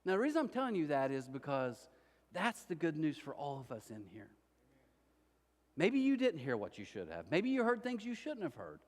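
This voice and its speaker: A man's voice: fairly high pitch, long reverb tail. A male pastor preaching a sermon, telling a story animatedly and acting out the voices of the people in it. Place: church auditorium.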